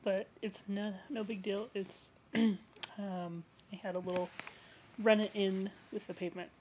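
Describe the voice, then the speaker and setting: A woman counselor speaking to camera in a relaxed, conversational vlog, explaining ideas for eating disorder recovery. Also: mid-range voice, measured pace, noisy background. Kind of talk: educational vlog talk.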